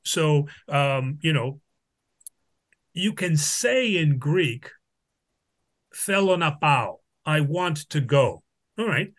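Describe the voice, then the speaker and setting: Guy teaching bible study, kinda high voice, stops and restarts a lot, keeps checking in with the class. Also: expressive. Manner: halting, frequent restarts and "all right?" check-ins; explains with Greek examples. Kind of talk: unscripted Bible lesson.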